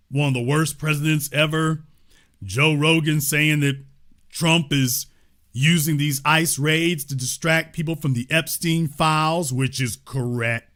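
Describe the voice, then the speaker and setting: Bright-voiced man, fiery political commentary. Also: on the high side. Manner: preaching, rising to near-shouts, mocking quoted voices.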